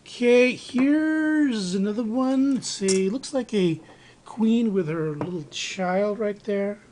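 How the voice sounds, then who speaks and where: A man's voice: sits high, takes it slowly, darkish tone, a little hiss or hum. Rambling man showing off his collection. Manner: rambling, with many fillers and restarts. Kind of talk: casual show-and-tell narration. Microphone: handheld camera microphone.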